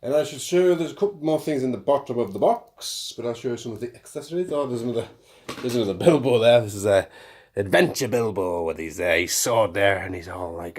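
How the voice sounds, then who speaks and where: A man's voice: mid-range voice, expressive, fairly quick, darkish tone. A man talking casually about his toy collection, rambling and correcting himself with jokey asides. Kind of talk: casual show-and-tell of collectibles.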